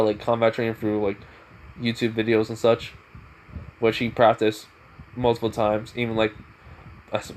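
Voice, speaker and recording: A man's voice: mid-range voice, slight background noise, rough recording. A young man retelling his own fan story off the cuff, rambling with lots of fillers and self-corrections.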